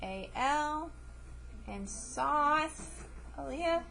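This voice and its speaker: Elementary teacher, woman, slightly high voice, unhurried classroom delivery with clear repeated sounds, faint room hiss. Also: animated, bright, forceful tone. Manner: patient, slow, repeats each word and sound clearly. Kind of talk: classroom spelling lesson.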